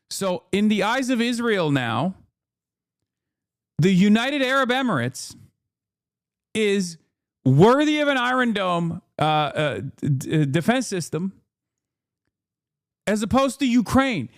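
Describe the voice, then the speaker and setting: A man with a fairly high voice rants on a live stream about the news, swearing freely and slipping into sarcastic asides. The sound is dry and close, with no room around it. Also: slow, long pauses, no room sound. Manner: profane, animated ranting with sarcastic asides. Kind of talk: casual political commentary stream.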